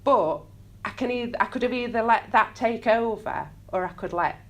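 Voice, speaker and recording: A woman's voice: fairly high pitch, moderate pace. A woman in her thirties with a Sheffield accent, giving a candid, self-deprecating talk to a live audience in a community hall, laughing easily. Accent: Sheffield English. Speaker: public speaker.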